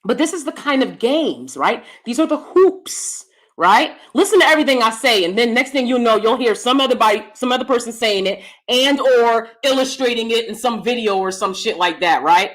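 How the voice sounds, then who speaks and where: American woman commentator, high voice with a wide range, blunt and profane. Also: lively intonation, moderate pace, fairly bright tone. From United States. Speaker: YouTube commentator. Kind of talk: ranting commentary.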